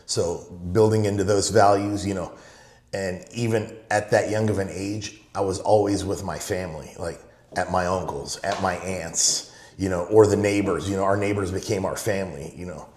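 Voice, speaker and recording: Low-voiced man with a rambling style. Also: steady tone, moderate pace, darkish tone, echoey room. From Los Angeles. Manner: rambling, fills with "you know", retells his father's sayings. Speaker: guest. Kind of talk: casual storytelling.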